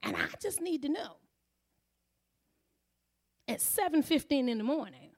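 A woman's voice: high-pitched, big pitch swings, measured pace, long pauses. A middle-aged woman giving a sermon full of personal stories, laughing often and acting out the voices in her quotes. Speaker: church speaker.

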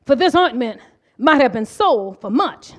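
A middle-aged woman preaching a sermon, impassioned, swinging from hushed asides to shouted declarations. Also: high-pitched, very animated, measured pace.

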